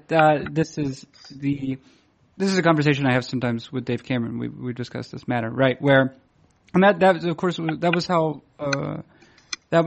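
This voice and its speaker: A man from the Boston area chatting casually, rambling and hesitant, with many fillers and restarts, laughing at himself as he tells stories. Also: medium pitch. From Boston area, USA. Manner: self-deprecating, laughs while telling stories. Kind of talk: casual chat.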